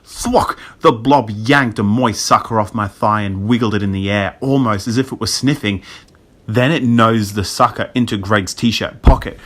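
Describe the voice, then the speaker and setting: A man reading a spooky children's audiobook in a lively storytelling manner. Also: on the low side, normal speed. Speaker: audiobook reader. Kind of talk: scripted narration.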